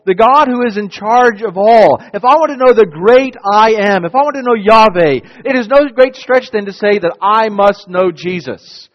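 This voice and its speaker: High-voiced preaching man in a reverberant hall. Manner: dramatic, emphatic preaching with wide swings in loudness. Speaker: pastor. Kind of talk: sermon. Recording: dull long-reverb hall sound.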